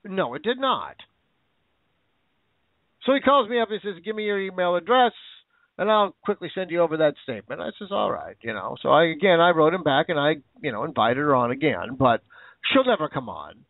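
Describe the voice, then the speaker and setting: Sarcastic and indignant, a man hosting a show rants and repeats himself in his commentary. His slightly high voice is expressive and a little fast, heard without room sound on a tinny, phone-like line.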